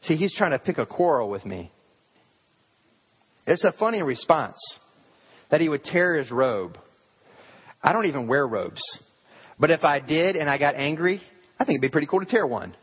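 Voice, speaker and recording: Pastor preaching in a reverberant church hall. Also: male voice, a little high, big pitch swings, normal speed, pauses often, slightly rough. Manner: conversational preaching with rhetorical questions. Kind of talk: sermon. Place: church sanctuary. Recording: hall reverb, dull lo-fi sound.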